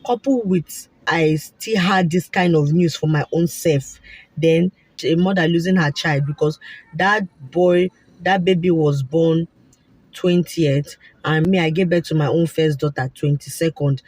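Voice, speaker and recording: Husky Nigerian woman telling her story. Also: deep voice, unhurried, dry recording. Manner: animated and repetitive, slipping into Pidgin asides. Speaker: vlogger sharing a fertility story. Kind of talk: casual personal storytelling.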